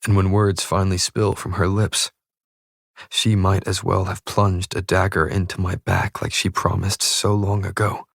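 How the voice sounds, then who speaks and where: A man with a low voice reads first-person narration for an audiobook. He keeps a steady, measured pace, and the close recording is dry, with no room sound. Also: creaky, slightly rough, no echo.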